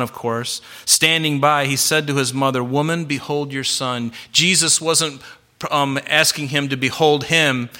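A man preaching a sermon, reading scripture and explaining it with emphatic, slowed stresses. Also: medium pitch. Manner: emphatic, varies loudness and slows for stress. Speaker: pastor.

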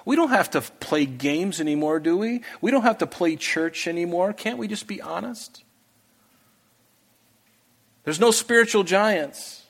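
A man's voice: high-pitched, animated, a little slow, gravelly, pauses often. A man preaching a sermon to a congregation, earnest and emphatic, pressing his listeners with pleading questions. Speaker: pastor. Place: church hall with a congregation.

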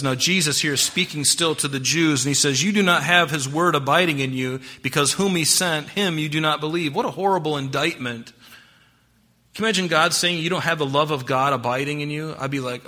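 A man preaching a sermon, quoting scripture and swinging between emphatic rises and hushed drops. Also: on the high side, moderate pace. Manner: expository preaching with scripture quotes. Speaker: pastor.

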